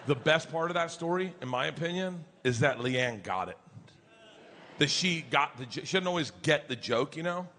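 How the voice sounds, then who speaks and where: A middle-aged man doing stand-up, telling a story in a loud, crude, animated way with bursts of shouting, live on stage with a handheld mic. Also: a little high, normal speed. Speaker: stand-up comedian. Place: comedy stage before an audience. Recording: live stage recording with background noise.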